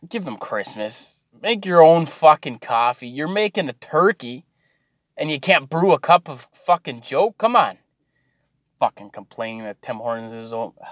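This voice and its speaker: A man's voice: medium pitch, lively intonation, a little slow, a bit bright, no echo, clean studio sound. A man, ranting and swearing in a mocking, exasperated monologue to his viewers.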